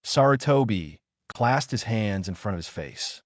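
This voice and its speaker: A man reading fan fiction aloud with expressive storytelling. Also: lowish voice, a little slow, few pauses, no echo, clean studio sound. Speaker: reader.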